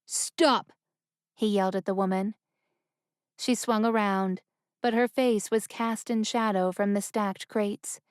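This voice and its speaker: A woman voicing a young male prince who shouts orders in a trembling voice, caught between grief and rage. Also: medium pitch, steady tone, measured pace, smooth, dry recording, clean studio sound, natural voice. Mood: furious.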